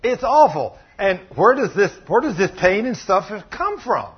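A man preaching a sermon, telling a story and acting out the voices in it, with sudden loud bursts. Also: high voice, sing-song, normal speed, few pauses, husky. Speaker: pastor. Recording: muffled lo-fi sound.

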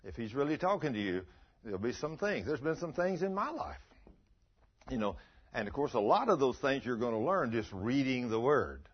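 A man preaching a sermon, folksy and storytelling, swinging between soft and loud. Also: medium pitch, sing-song, moderate pace, husky. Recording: dull lo-fi recording.

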